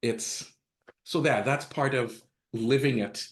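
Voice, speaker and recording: A man speaks slowly at medium pitch as a podcast guest in a casual storytelling interview. He shares candid personal anecdotes, laughing at them and acting out the dialogue.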